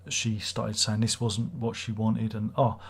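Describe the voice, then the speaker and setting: A man's voice: lowish voice, level tone, measured pace, vocal fry, breathy edge. A man hosting a casual livestream, rambling and swearing as he reads viewer comments aloud. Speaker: livestream host.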